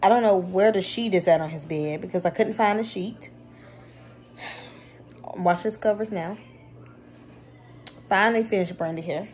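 A woman talks to her viewers at home in a casual vlog. She tells her stories in an animated, expressive way and keeps calling her audience y'all. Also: mid-range voice, moderate pace, long pauses. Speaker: vlogger, mother of two.

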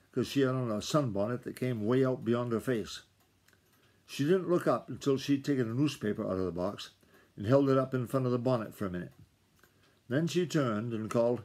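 Dad reading a book chapter aloud at home, plain easy voice, middle pitch. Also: male voice, a little mellow. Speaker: father reading to his children.

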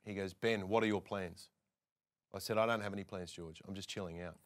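Sitting low in pitch and talking a little fast, this Australian man is a presenter on as a guest. His casual anecdotes come alive as he performs the lines of the people in them.

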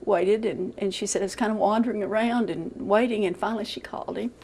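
An older woman giving a halting, emotional account in a news interview, often repeating words as she goes. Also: medium pitch, a little mellow, a little hiss or hum, poor audio.

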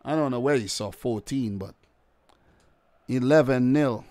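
A man's voice: mid-range voice, a little slow, a little mellow. A man giving exasperated, repetitive live commentary while playing a football video game. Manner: exasperated ranting, repeats phrases. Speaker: gaming video creator.

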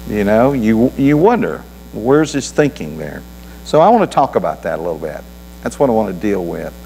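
A man's voice: lowish voice, very animated, moderate pace, gravelly, warm tone. A man preaching a sermon in a folksy, conversational way, with homespun anecdotes. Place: church auditorium. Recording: reverberant hall with mains hum.

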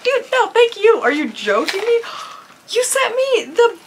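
A woman vlogger talks casually to her viewers, gushing over everything. Her voice sits high and swoops up and down in an animated, expressive way. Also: unhurried, a little hiss or hum. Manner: gushing and effusive, full of "like" and "oh my gosh". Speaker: vlogger unboxing viewer mail. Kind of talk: casual chat.

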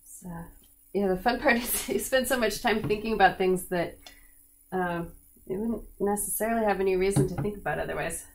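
A woman in her studio giving a live oil painting demonstration, talking in a relaxed, chatty way with many fillers. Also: medium pitch, fairly quick, a little hiss or hum. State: slightly cracky voice. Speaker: painting instructor.

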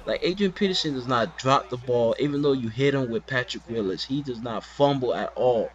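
A man talks through his gameplay footage in a casual, exasperated ramble, piling up rhetorical questions and fillers. His voice sits at an ordinary middle pitch. The recording is slightly dull and lo-fi. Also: animated, a little fast, husky. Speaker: gameplay commentator.

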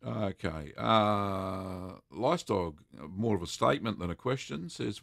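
A middle-aged Australian man hosting a casual livestream, chatty and relaxed with many ums and uhs. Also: lowish voice, a little slow, gravelly, few pauses, dry recording, clean studio sound. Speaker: livestream host answering cheese-making questions.

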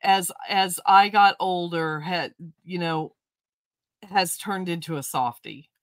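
A woman's voice: fairly low pitch, slow pace, a bit bright, no echo. Chatty middle-aged woman hosting, dry sound. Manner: chatty, storytelling, folksy turns of phrase. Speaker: host. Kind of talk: casual chat during a crafting show.

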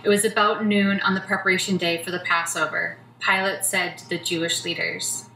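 Woman scripture narrator, bright tone, lower pitch, far mic in a roomy church. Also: level tone, moderate pace, creaky. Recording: roomy church from a distance, faint noise.

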